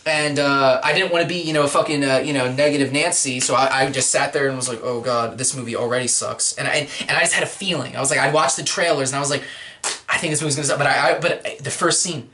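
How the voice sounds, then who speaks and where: A man hosting a casual movie-review podcast, ranting and animated, often slipping into silly voices. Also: on the high side, fast talker, few pauses, a little hiss or hum. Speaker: podcast host.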